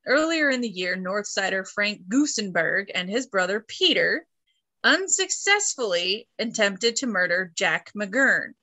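A woman's voice: mid-range voice, very animated, unhurried, sharp tone. A woman co-hosting a podcast, reading history notes and throwing in joking asides in casual chat. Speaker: podcast co-host.

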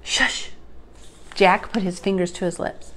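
A woman reading a children's chapter book aloud in a slow, deliberate storytelling manner. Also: mid-range voice, lively intonation.

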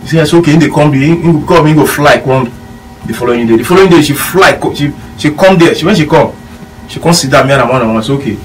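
Nigerian Pidgin man, ex-footballer, quick rambling anecdotes, mic set back, faint hum behind. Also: fairly high pitch. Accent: Nigerian Pidgin English. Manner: rambling anecdotes with quoted dialogue. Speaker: former footballer guest. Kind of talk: casual storytelling chat. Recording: distant mic with faint room noise.

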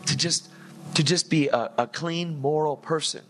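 A man preaching an energetic sermon, telling his testimony in a casual way, full of "dude" and "like" and acted-out dialogue. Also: on the high side, unhurried, noisy background.

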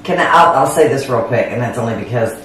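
A woman, co-hosting a casual chat and telling lively family stories. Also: a bass voice, quick pace. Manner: animated storyteller, acts out family quotes. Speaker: co-host. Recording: echoey room, mic at a distance, faint noise.

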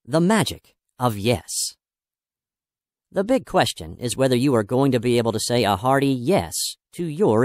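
A male narrator reads a self-help audiobook with upbeat, encouraging emphasis. His voice sits at a middling pitch but moves through a wide, animated melody. The sound is dry and close. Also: dry recording.

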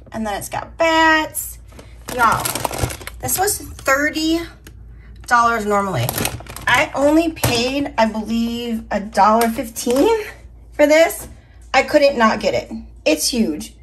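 A woman vlogger chatting casually through a shopping haul, upbeat and talking to her viewers, her voice a little scratchy. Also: fairly high pitch. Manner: chatty, upbeat, addresses viewers as y'all and you guys. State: slightly scratchy voice. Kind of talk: casual haul video chat.

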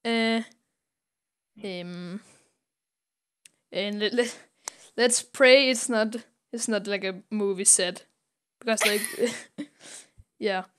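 A woman's voice: medium pitch, fairly even intonation, slow, pauses often, a bit bright, smooth. A young woman co-hosting a podcast, retelling a comic story with many ums and little laughs, acting out the characters' lines. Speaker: podcast co-host.

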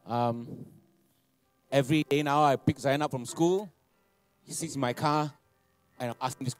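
A man, preaching a sermon, animated and laughing, repeating phrases and asking for amens. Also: medium pitch, normal speed, long pauses, no room sound, soft background music. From Malaysia. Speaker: pastor. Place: church hall.

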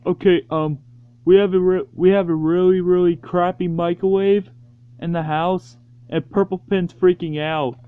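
A man's voice: high-pitched, fairly even intonation, normal speed, clear, resonant tone. A man chatting casually as he introduces and narrates his own comedy video, rambling along. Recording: dull lo-fi home recording.

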